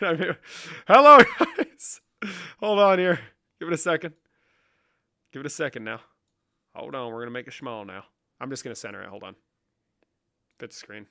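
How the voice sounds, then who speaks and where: A man's voice: medium pitch, vocal fry, a bit bright. A man rambling through a comedic vlog in a profane, mock-serious, running banter. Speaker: comedic creator. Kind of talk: comedic screen-share vlog.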